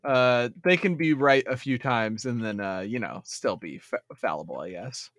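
A man's voice: mid-range voice, expressive, normal speed, a bit bright, no echo. Male co-host, casual movie-talk delivery, easygoing and wry, dry room. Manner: laid-back, joking, trails off with fillers. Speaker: podcast co-host. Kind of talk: casual movie review chat.

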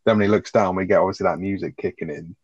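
Fast-talking man, swearing freely. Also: low voice, fairly even intonation, slightly rough, no echo, lo-fi sound. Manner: swears freely, retells scenes in quick asides. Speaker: podcast co-host. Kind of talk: casual chat reviewing a sitcom episode.

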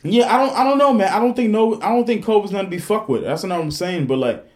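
A man, hosting a casual podcast and telling stories in a profane, animated way, full of restarts. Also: sits high, fast talker. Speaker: podcast host.

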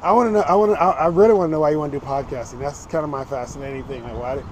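A man's voice: a little high, very fast, slight background noise. Blunt, swearing podcast host man. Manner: blunt, swears a lot, teasing. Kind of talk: casual walk-and-talk chat. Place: outdoors on a street walk.

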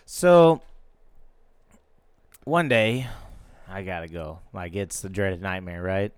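Smooth-voiced man telling a story. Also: deep voice, takes it slowly, no echo, clean studio sound. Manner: animated storyteller, laughs as he talks. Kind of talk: casual chat, storytelling.

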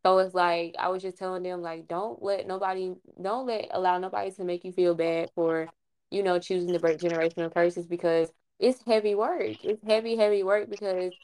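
A woman hosts a casual podcast chat, cheering her guest on with lively, affirming reactions. Her voice sits somewhat low for a woman. She talks loosely and conversationally. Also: brisk. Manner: enthusiastic, affirming interjections. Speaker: podcast host.

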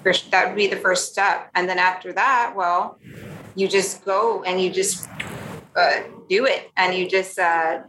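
A woman in her thirties speaking candidly as a podcast guest, earnest and halting, with many restarts, growing emotional about her story. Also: fairly low pitch, fairly even intonation, a bit bright. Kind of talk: candid conversational interview. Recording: echoey room, faint background noise.

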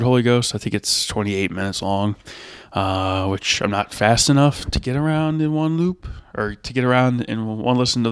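A man's voice: mid-range voice, clean tone, no echo, clean studio sound. A man hosting his own podcast, talking alone about bands he loves in a rambling, enthusiastic way with many fillers. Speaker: podcast host. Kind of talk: solo podcast music review.

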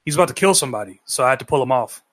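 A man's voice: medium pitch, lively intonation, very fast, a loud crowd. A man in a casual panel chat, joking and swearing freely. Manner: joking, profane, puts on mocking voices. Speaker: panel guest.

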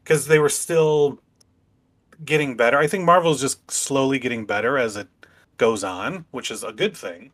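A man's voice: mid-range voice, normal speed, a bit bright. A man co-hosting a casual podcast chat, telling stories and acting out dialogue with small laughs. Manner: storytelling with laughs, quoting others in dialogue. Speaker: podcast co-host.

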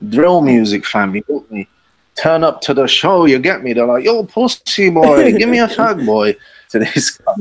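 A man's voice: medium pitch, rough recording. Slangy man telling a story. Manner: rambling, slangy, acts out the voices of the people in his story. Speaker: podcast guest storyteller. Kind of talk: casual anecdote telling.

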